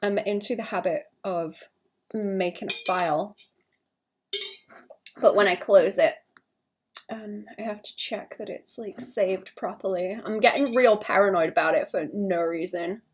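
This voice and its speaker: A young woman streaming her illustration work, chatting casually and thinking out loud with a self-conscious, rambling manner and some vocal fry. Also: mid-range voice, a little slow. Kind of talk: casual livestream chat while drawing.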